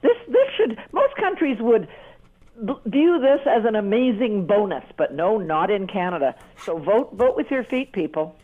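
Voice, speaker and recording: A woman speaking as a talk show panelist, indignant and rallying listeners, her pitch leaping on stressed words. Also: expressive, moderate pace. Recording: tinny phone line.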